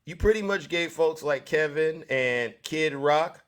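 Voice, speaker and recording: A man with a slightly high voice runs a live stream, lecturing and calling out to his viewers. He repeats himself and keeps speaking straight to the audience. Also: unhurried. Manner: preachy, repetitive, addresses audience directly. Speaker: livestream host. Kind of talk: live-stream political commentary.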